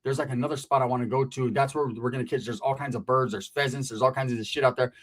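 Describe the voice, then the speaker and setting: A man doing a laid-back young guy who drawls low and quiet. The voice drops below the teller's own and stays soft and flat. He sounds unbothered in this spoken tale. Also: fast talker, lightly acted. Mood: calm.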